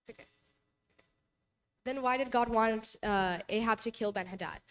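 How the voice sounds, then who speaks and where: A woman's voice: a little high, moderate pace, rough recording. Chatty young woman retelling a Bible story. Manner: chatty retelling full of "like" and "you know". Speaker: Bible study presenter. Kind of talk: casual Bible lesson to a youth group. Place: church hall.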